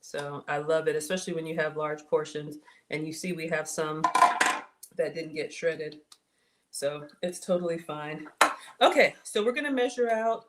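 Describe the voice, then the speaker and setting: A woman's voice: fairly low pitch, very noisy. A woman hosting a casual cooking livestream from her home kitchen, chatting and answering viewer comments as she works. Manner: chatty, reads viewer comments aloud, folksy.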